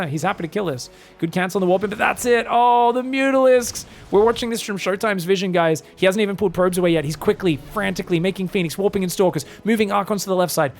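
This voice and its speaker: Gravelly, high-voiced male game caster. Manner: chatty, joking, quick play-by-play. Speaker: esports caster. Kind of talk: live game commentary.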